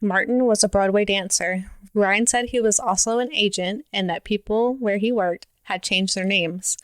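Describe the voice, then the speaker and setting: A woman's voice: mid-range voice, moderate pace, no echo. A woman co-hosting a podcast, reading stories aloud and laughing often between them. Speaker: podcast co-host. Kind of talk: reading stories, casual chat.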